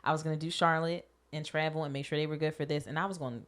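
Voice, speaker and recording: A young adult woman co-hosting a podcast, chatting casually and telling stories with animated quoted voices. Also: low-pitched, racing. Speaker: podcast co-host. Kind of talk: casual chat.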